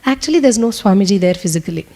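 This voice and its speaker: A woman leading a spiritual teaching session, talking fast in an earnest, testimonial way. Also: medium pitch, animated, dark tone. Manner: talks fast. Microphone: speaking to a room with translators.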